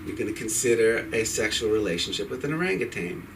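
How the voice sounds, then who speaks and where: A man's voice: fairly low pitch, big pitch swings, fast, recorded from a distance, background noise. A man doing a rambling, irreverent stand-up set at an open mic, cursing freely. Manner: rambling, irreverent, profane delivery. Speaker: stand-up comedian. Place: comedy club stage.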